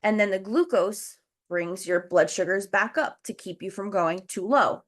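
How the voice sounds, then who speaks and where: A woman's voice: medium pitch, a little slow. Breathless woman host on a video call, chatty and explanatory, speaking straight to her viewers. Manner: chatty, explains step by step, addresses the chat. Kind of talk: casual educational livestream talk.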